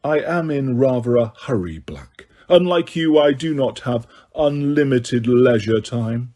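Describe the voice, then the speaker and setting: A man voicing a cold, sneering male potions master who speaks quietly, slowly and waspishly. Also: medium pitch, expressive, husky. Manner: slow, quiet, silky and waspish.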